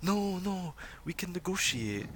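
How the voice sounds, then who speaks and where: A man voicing a soft-spoken female gnome leader who tries to calm an angry crowd. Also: high voice, unhurried, a little hiss or hum, voice pushed up, exaggerated voice. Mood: placating. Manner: pleading, calm, placating.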